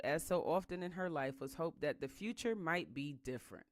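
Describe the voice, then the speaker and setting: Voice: mid-range voice, normal speed. A person reading a history book aloud and stopping often for emphatic, slangy commentary. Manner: calm reading that breaks into heated, emphatic asides; casual slangy speech in the asides.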